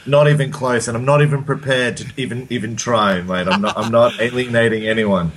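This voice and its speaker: A man's voice: mid-range voice, steady tone, brisk, fairly bright tone, slight background noise, low-quality recording. A man from Sydney with an Australian accent, co-hosting a casual tech chat podcast and often restarting his sentences. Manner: repeats and restarts words often, says "mate" and "man". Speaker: podcast co-host.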